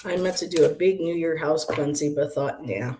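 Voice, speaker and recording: A warm, deep-voiced woman speaks at a moderate pace over slight background noise. As a tarot reader and livestream host in her apartment room, she chats with viewers by name, does card readings, and rambles with lots of laughter.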